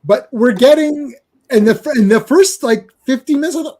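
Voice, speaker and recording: A man's voice: very high voice, animated, moderate pace, warm tone. A man hosting a casual comics podcast, talking in a rambling way. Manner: rambling, acts out lines in comic voices. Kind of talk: casual chat.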